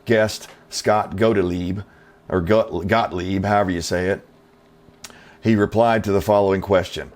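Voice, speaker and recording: A middle-aged man with a fairly low voice delivers opinionated commentary as host of his own channel. He talks in a folksy, skeptical way, peppered with rhetorical questions and casual fillers. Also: fairly even intonation, normal speed, a little mellow.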